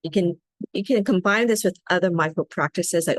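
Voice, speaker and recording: A middle-aged woman with a lowish voice leads a guided self-care practice in a soft, coaxing way. She checks in with her listeners often. Her voice sounds close and dry. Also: a little fast, dry recording. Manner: gentle, coaxing, asks "right?" often. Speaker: wellness facilitator.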